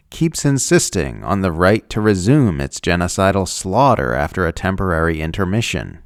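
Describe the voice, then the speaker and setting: A man's voice: low-pitched, no room sound, studio quality. A man reading scripted political commentary in a sardonic tone, mocking the people he quotes.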